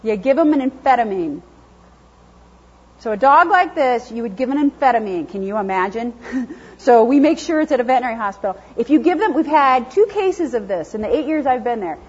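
A woman lecturing a class on dog training, lively and chatty, acting out what dogs think. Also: a little high, a little fast, breathy edge. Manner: lively, chatty, acts out dogs' thoughts in silly voices. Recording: dull, lo-fi classroom recording.

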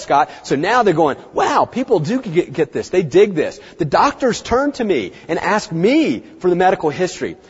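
A middle-aged man giving a seminar talk to an audience, chatty and animated, acting out the people he quotes. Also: a little high, slightly rough. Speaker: veterinary practice speaker. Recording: muffled, dull sound in a reverberant hall.

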